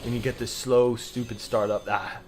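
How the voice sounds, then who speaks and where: A man streaming a video game, commenting casually and yelling and swearing at it when things go wrong. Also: mid-range voice, normal speed. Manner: excitable, swears, yells at the game. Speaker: gamer streamer.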